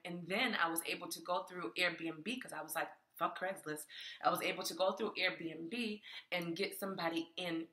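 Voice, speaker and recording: A woman with a lowish, bright and forceful voice, telling a story to her viewers in a lively, chatty way. She calls them y'all and laughs often. Her voice rings around a room full of echo. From New York. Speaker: spiritual vlogger and tarot creator. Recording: echoey room.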